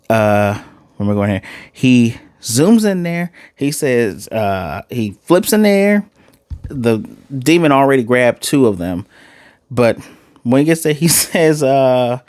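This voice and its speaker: A man giving a casual, animated recap and reaction to an anime episode, acting out the characters' lines in quick asides. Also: mid-range voice, no echo, clean studio sound. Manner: loose and chatty, with fillers and self-corrections. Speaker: anime reviewer.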